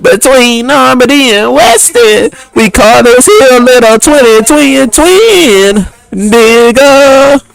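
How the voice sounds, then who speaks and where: A man putting on the voice of a nosy, smooth-talking middle-aged preacher, with a drawling, sing-song church cadence. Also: extremely high pitch, takes it slowly, few pauses, pitched above the performer's own voice, heavily acted, poor audio. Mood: mock-pious.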